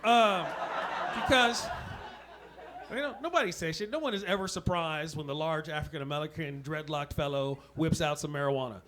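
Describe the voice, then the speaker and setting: A man's voice: a little high, moderate pace, a bit bright. A man doing a stand-up comedy set on a club stage, with loose, laughing, punchy banter toward the crowd. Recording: noisy live club recording.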